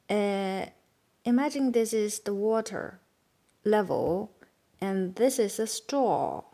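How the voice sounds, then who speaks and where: A Chinese-accented woman teaching beginners, explaining patiently in simple English and saying words slowly and carefully. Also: fairly high pitch, mellow. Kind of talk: beginner language lesson.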